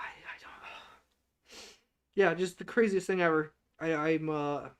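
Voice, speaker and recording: Reacting to an anime season on a casual livestream, this streamer gets excitable and rambly, hitting words with heavy stress in a mid-range voice.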